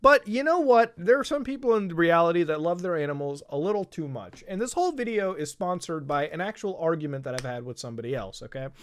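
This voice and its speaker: A man with a fairly high voice hosts an online commentary. He rants with heat and plenty of swearing, mixing sarcasm into chatty asides aimed right at his viewers. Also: animated, fast talker, few pauses. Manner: profane, heated and sarcastic; chatty, addresses viewers directly. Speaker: host.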